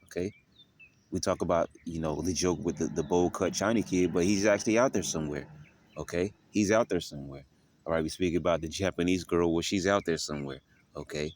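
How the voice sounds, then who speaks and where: A man teaching scripture, reading verses slowly and adding quick asides with repeated check-ins to listeners. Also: low-pitched, a little hiss or hum. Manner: reads verses slowly, drops into quiet asides, tags lines with "all right?". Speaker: bible teacher. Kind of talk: scripture lesson.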